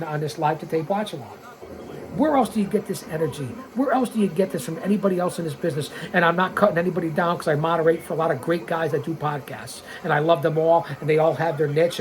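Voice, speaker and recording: A man in his sixties giving excitable, blunt, profane wrestling commentary as a watch-along host, calling out mistakes. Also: on the high side. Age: 60s.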